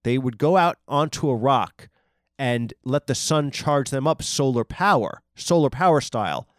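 A man's voice: mid-range voice, lively intonation, measured pace, no room sound, studio quality. A man hosting a podcast, rambling through a comedic monologue with mock-serious, absurd tangents. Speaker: podcast host.

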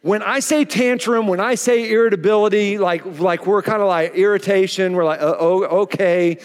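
A man's voice: high-pitched, normal speed. A male pastor preaching a sermon, telling stories and acting out the voices in them, recorded in a church hall. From Oklahoma. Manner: animated storytelling, acts out quotes. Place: church auditorium.

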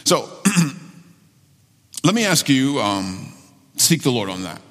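A man preaching a sermon as pastor of his church, earnest and halting, repeating phrases and restarting often. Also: mid-range voice, very animated, a bit bright. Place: church sanctuary. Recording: long hall reverb.

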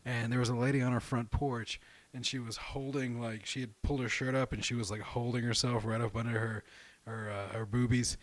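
A man's voice: medium pitch, a little fast, no room sound. A middle-aged man, casually telling a story on a podcast, acting out quotes and swearing freely. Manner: animated storyteller, acts out quotes, laughs often, swears freely.

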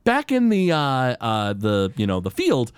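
A man casually recapping a cartoon episode on a podcast, acting out quoted lines in jumpy high voices. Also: wildly swooping pitch, unhurried, smooth, no echo, studio quality. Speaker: podcast co-host.

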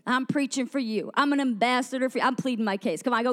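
A woman preacher telling an animated story in a sermon to a women's gathering, acting out the people she quotes. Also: a little high, fast, hardly any pauses, in a large hall. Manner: animated, acts out quoted voices.

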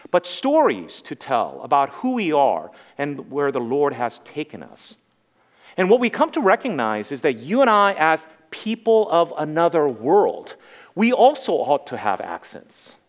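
A man in his forties preaching a sermon as pastor, earnest and emphatic, repeating key phrases. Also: on the high side. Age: 40s. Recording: reverberant hall.

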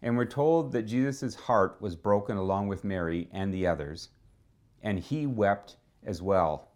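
A man's voice: lowish voice, a little slow, a little mellow. A man preaching a sermon, retelling a story in a conversational way and acting out the quoted voices.

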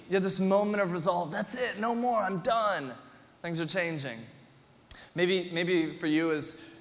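High-voiced male pastor in a big hall. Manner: energetic, rambling with restarts and playful asides. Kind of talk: sermon. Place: large church hall before a congregation. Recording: long reverb of a large hall.

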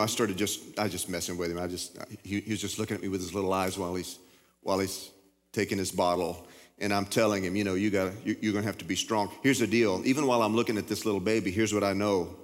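A middle-aged man preaching a sermon in a folksy way, often repeating and stumbling over his words, in a large church hall. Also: lowish voice. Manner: folksy, repetitive, stammering. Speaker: pastor. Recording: long hall reverb.

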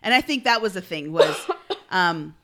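A woman's voice: fairly low pitch, expressive, moderate pace, crowd noise. A woman co-hosting a podcast, speaking reflectively in casual chat and laughing easily with her co-hosts. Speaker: podcast co-host.

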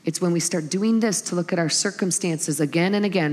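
A middle-aged woman preaching a sermon, telling stories with lively acted-out quotes. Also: lowish voice, brisk, husky. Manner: animated storytelling with acted-out quotes. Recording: long hall reverb.

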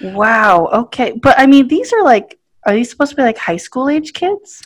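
A woman's voice: a little high, moderate pace. Teasing woman, sarcastic podcast banter. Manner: teasing, deadpan sarcasm, giggly. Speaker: podcast co-host. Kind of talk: casual chat.

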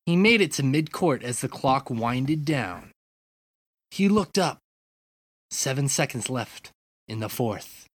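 Slow, teasing podcast co-host. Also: medium pitch, lively intonation, no echo. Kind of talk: casual chat and reading a comedy skit.

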